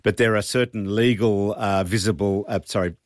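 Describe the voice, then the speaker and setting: A man, an airline pilot explaining aviation calmly on talkback radio. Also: fairly low pitch, moderate pace, dry recording, clean studio sound. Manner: calm, explanatory, plain-spoken.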